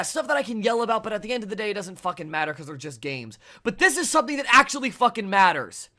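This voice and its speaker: A young man hosting a gaming channel, delivering an angry, profane rant to camera with bursts of shouting. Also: high voice. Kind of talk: angry ranting commentary.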